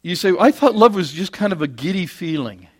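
A man preaching a sermon, swinging between loud, emphatic peaks and quiet, low asides, with homely jokes along the way. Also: lively intonation, fairly quick.

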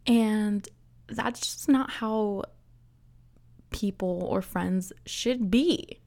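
A young woman in her twenties talks through a solo podcast episode, unhurried and chatty. She laughs easily and leans on "like" between thoughts. Her pitch sits in an ordinary middle range. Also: a little mellow. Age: 20s. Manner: chatty, laughs often, says "like" a lot. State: out of breath. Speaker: podcast host. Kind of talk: casual solo podcast chat.

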